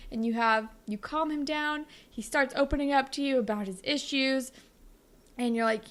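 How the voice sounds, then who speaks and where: A young woman co-hosts a podcast in a high-pitched, fairly bright voice at normal speed. In casual chat, she rambles through an improvised story packed with fillers.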